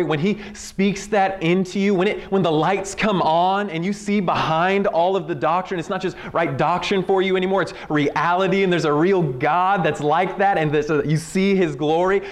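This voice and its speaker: A man delivering a conference sermon in a casual, earnest way, tossing in asides and quick "right?" check-ins. His voice sits fairly high for a man. When he wants something to land, he sinks low and soft. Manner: conversational and earnest, with frequent asides and repeated "right?"; drops to a low, quiet voice for emphasis. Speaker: conference speaker.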